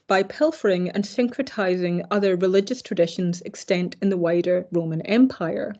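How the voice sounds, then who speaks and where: A woman's voice: medium pitch, mellow. A woman giving an academic keynote lecture, hesitant with fillers and self-corrections, with dry wry asides. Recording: slightly dull lo-fi recording.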